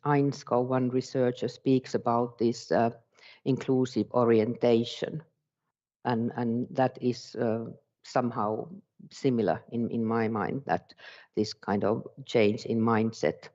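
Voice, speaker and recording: Slow, mellow-voiced Finnish-accented man. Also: mid-range voice, fairly even intonation, dull audio. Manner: halting, searching for words in a second language. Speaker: education speaker. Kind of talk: conference presentation.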